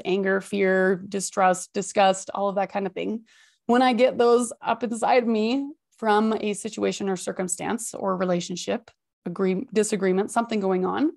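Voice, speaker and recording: A woman hosting a healthy-habits podcast, giving expressive, high-energy motivational advice with emphatic repetition. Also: creaky. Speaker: podcast host and habits coach. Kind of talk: motivational self-help talk.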